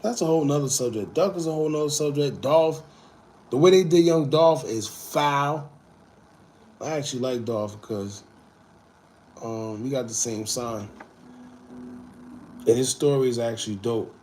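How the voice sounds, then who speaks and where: A man hosting a casual livestream, reading viewer comments and talking in a loose, animated way. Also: mid-range voice, normal speed, long pauses, a little hiss or hum. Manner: laid-back, animated, swings between loud and muttered asides. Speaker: livestream host.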